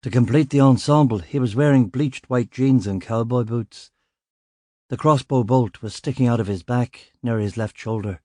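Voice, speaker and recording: A man reading a crime novel in first person, with a dry, sardonic, gruff delivery. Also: medium pitch, moderate pace, mellow, dry recording. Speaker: audiobook narrator. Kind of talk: first-person scripted narration.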